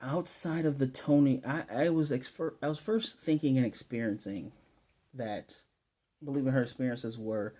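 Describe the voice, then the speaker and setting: A man with a mellow, mid-pitched voice talks through a TV episode recap in a loose, chatty way. He trails off, corrects himself and throws in filler words, then livens up when he shares his fan theories. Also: moderate pace. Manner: rambling, loose, with frequent fillers and self-corrections. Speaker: TV episode reviewer. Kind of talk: casual spoiler recap and theorizing.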